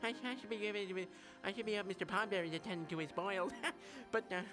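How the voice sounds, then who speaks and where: A man's voice: sits high, fairly quick, music in the background, natural voice. A man voicing a bumbling, eccentric old village doctor in a video game cutscene, stammering and dithering fussily.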